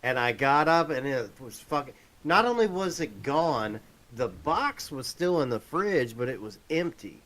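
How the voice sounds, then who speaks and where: Blunt, grumbling man with lively pitch. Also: unhurried, few pauses. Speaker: podcast guest. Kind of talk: casual chat.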